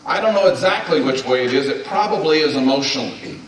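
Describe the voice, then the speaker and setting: A man's voice: medium pitch, lively intonation, fast talker, slight background noise. A man in his fifties giving a folksy, emphatic sermon on marriage to a gathering of men, leading them in repeating words back to him. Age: 50s. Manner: folksy, emphatic, leads the audience in call-and-response. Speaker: speaker at a men's gathering. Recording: echoey hall, distant mic.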